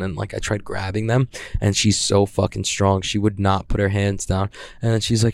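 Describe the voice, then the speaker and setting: A man's voice: fairly low pitch, level tone, normal speed, creaky. A young man telling a spooky personal story in casual talk, rambling with many fillers and frequent swearing.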